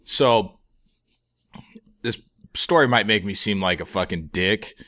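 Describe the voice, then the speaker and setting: A man's voice: fairly low pitch, slow pace, fairly bright tone. A man in his twenties on a comedy podcast, telling a story in a rambling, profane way, full of fillers. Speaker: podcast co-host. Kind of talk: casual storytelling chat.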